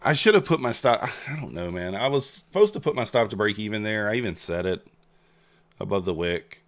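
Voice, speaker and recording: A man's voice: lowish voice, animated, brisk, a bit bright. A man giving casual live commentary on his day trading, muttering at the market in frustration. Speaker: day trader streaming live.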